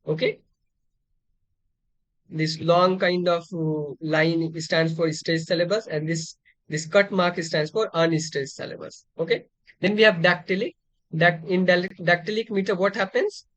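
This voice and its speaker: A man's voice: high-pitched, fairly even intonation, unhurried, fairly bright tone, dry recording. A man teaching a literature lecture, explaining terms step by step with frequent fillers and restarts. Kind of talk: exam-prep lecture.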